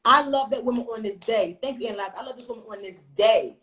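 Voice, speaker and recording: A woman in her thirties telling a personal story on a casual livestream, blunt and profane, with animated storytelling. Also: fairly high pitch, fast talker, rough recording. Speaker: livestream host.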